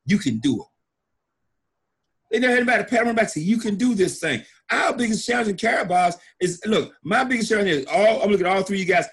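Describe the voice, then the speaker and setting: A man's voice: sits high, a bit bright, breathy edge. A middle-aged man, a network marketing leader, giving an emphatic motivational talk and acting out stories with repeated phrases. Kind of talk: motivational storytelling.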